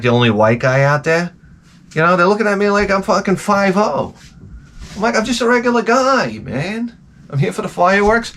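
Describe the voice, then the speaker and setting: A man's voice: on the high side, a little hiss or hum. A middle-aged man, ranting in a rambling, profane comedic monologue. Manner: rambling, profane, animated storytelling. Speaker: comedic host.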